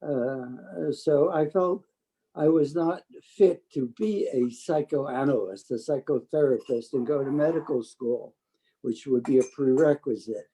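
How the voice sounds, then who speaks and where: An older man telling stories from his working life, talkative and quick to act out what others said. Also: medium pitch, husky, rough recording. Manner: talkative, animated quoting of others. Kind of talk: storytelling oral history.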